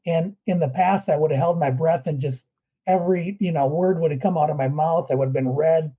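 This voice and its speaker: A man's voice: fairly high pitch, fairly quick, slightly rough, narrow, tinny audio. A man who is a guest performance coach, talking earnestly through breathing steps in a podcast interview.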